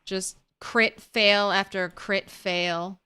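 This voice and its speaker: A woman's voice: medium pitch, fairly even intonation, drawn-out words, pushed and bright, clean tone. A woman streamer chatting casually while she plays, thinking aloud and laughing easily. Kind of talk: casual gameplay commentary.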